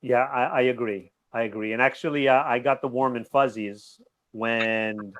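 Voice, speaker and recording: A man guesting on a boxing talk show, rambling in an animated way and laughing easily. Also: medium pitch, normal speed, muffled recording. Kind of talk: casual boxing recap chat.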